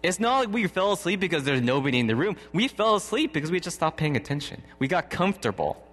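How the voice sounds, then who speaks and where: Fast and sing-song, a man in his thirties preaches a sermon with a fairly high, slightly bright voice. He tells a personal story in a chatty way, frequently chuckling, with long hall reverb on the recording.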